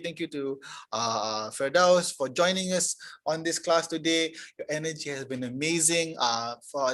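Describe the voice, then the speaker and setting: A man teaching English in a live online class, with a fairly high voice. He talks in a friendly, chatty way and often restarts his sentences midway. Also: a bit bright.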